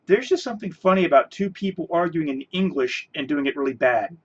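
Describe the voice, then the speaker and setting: A man's voice: on the high side, animated, brisk, highs cut off. A man ranting in a response video, sarcastic and scornful, mocking the person he answers. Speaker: video commentator.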